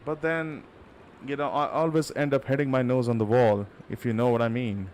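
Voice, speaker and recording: A man's voice: medium pitch, level tone, normal speed, a little mellow, a little hiss or hum. A man from India with an Indian accent, chatting casually and rambling with many fillers while livestreaming a game. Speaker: livestreaming gamer. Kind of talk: casual live-stream chat.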